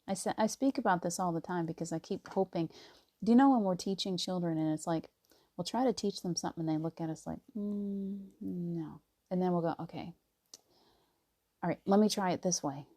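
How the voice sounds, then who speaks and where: Woman, spiritual talk, soft-spoken, low voice, warm mellow tone, laughs often. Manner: soft and gentle, drops to near whispers. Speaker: spiritual teacher.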